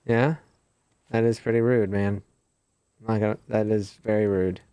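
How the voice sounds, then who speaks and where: A man's voice: fairly low pitch, steady tone, normal speed, warm tone, clear, resonant tone, no echo. A man co-streaming a game, chatting casually and telling a childhood story. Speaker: guest streamer. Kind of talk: casual gaming chat and storytelling. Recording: dry close mic.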